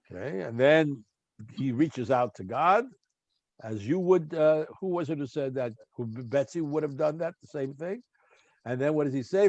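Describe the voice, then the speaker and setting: A man's voice: fairly high pitch, animated, normal speed, a little mellow, dry recording, muffled recording. A man teaching a Bible study class on a video call. He reads verses aloud in Hebrew, asks his students questions and prompts them to read. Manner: questioning, prompting readers, chatty asides.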